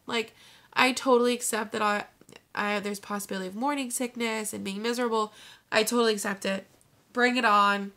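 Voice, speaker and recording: A woman's voice: mid-range voice, fairly even intonation, normal speed, bright, forceful tone. A woman in her twenties vlogging to her phone camera, chatty and gushing, filling her talk with "like". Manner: bubbly, gushing, says "like" constantly. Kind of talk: casual chat to camera.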